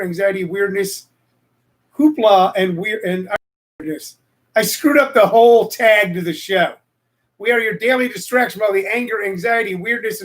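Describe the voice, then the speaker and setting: Guy hosting a live comedy stream, kinda high voice, goofy showman, lots of ums. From Missouri, US. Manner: playful showman, rambling with many fillers. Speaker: host.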